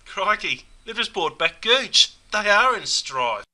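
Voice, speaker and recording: A man's voice: high voice, very animated, slow, bright, forceful tone, heavily acted, rough recording. A man playing a laid-back Australian bloke watching cricket, with a broad slangy drawl and an Australian accent. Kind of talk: scripted comedy sketch.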